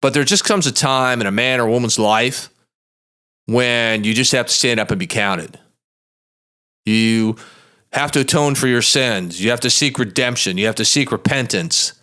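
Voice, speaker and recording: A man's voice: medium pitch, moderate pace, bright, forceful tone. A man, a lawyer hosting his own show, telling a story in a blunt, folksy, emphatic way in a monologue podcast. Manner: plain-spoken and blunt.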